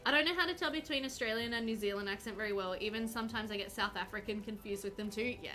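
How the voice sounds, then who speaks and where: A woman's voice: fairly high pitch, fast, sharp tone, faint music behind. A woman streaming a game live, chatting casually, teasing the game characters and answering viewers.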